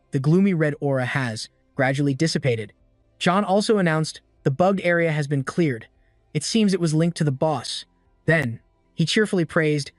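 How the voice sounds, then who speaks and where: A man reading a scripted story recap as narrator, in an even, steady delivery. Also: on the high side, moderate pace, dry recording, studio quality. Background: faint background music.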